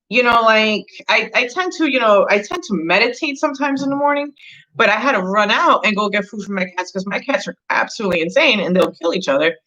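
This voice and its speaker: Bright-voiced woman hosting an astrology chat. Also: mid-range voice, expressive, a little fast, poor audio. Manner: rambling, many fillers, gets heated retelling a story. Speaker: astrology channel host. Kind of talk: casual chat, storytelling.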